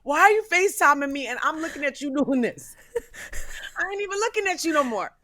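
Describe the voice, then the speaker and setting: A woman co-hosting a radio show, telling animated little stories in casual chat. Her voice is bright, close and dry, with no room around it. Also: sits high, a little fast, no echo. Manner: animated storytelling, acting out quotes. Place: radio studio.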